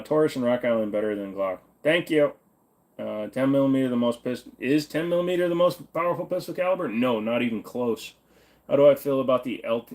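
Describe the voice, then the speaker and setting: Reading viewer comments on his casual livestream, a young man from Virginia, USA, gives blunt, improvised answers and sometimes swears. His voice is medium-pitched and a little mellow.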